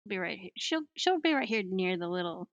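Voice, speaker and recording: Easygoing mid-pitched woman player. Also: very animated, a little fast, muffled recording. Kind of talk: casual tabletop play.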